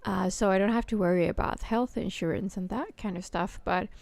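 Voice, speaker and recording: A woman telling a work story in casual chat, halting and full of fillers and restarts. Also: medium pitch, creaky, darkish tone, no room sound. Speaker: podcast host.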